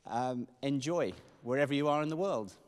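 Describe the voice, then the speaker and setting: A man who heads the brass department, explaining things at a live masterclass in a brisk, matter-of-fact way. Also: medium pitch. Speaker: head of brass at a music college. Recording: echoey hall.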